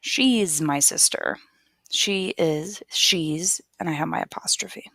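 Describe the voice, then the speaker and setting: Slow, gravelly-voiced woman teacher. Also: low-pitched, fairly bright tone, dry recording, studio quality. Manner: patient, repeats each word slowly for learners. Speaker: English teacher. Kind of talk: slow, careful classroom explanation.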